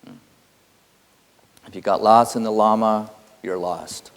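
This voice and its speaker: A man giving a spiritual teaching, halting with many fillers and quietly intense. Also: on the low side, fairly even intonation. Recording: long hall reverb.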